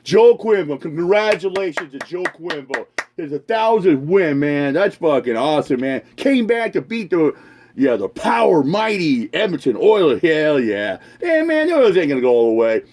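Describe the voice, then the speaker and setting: Casual male podcast host, foul-mouthed, animated, slightly high voice. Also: moderate pace, a little hiss or hum. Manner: swears constantly, rambling, laughs a lot. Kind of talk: casual profane rant.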